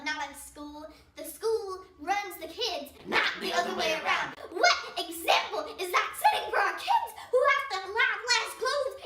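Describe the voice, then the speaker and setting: A girl doing a scolding Southern mom, squeaky and high. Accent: put-on Southern US. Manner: stern, scolding, moralizing. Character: indignant Southern mom, middle-aged, complaining loudly. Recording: echoey room, from a distance, loud music.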